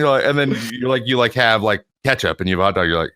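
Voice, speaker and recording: Podcast guest: a man, animated and bright-toned, who mimics teammates with a dry close sound. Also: mid-range voice, quick pace, dry recording. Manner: plays with words. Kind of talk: casual chat.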